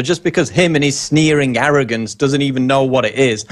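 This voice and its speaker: A man's voice: mid-range voice, fairly quick, few pauses. A male reporter on a live talk radio show, speaking in an indignant, scornful tone. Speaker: reporter and co-host.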